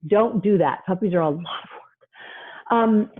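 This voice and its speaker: A woman psychologist speaks a little slowly in a mid-range, slightly husky voice, giving a spirited parenting lecture. She dramatizes quotes with playful voices for children and parents, and the thin, tinny sound suggests a video call over a phone line.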